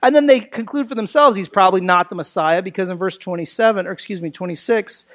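A man with a high voice preaches a sermon in a conversational way. He leans on fillers like "you know" and "right", and poses rhetorical questions as he walks through the text. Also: fast, a bit bright. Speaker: pastor. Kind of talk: expository sermon.

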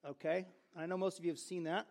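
High-voiced male pastor, chatty sermon. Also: level tone, fast talker, vocal fry, a little mellow. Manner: conversational storytelling, joking asides. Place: church service.

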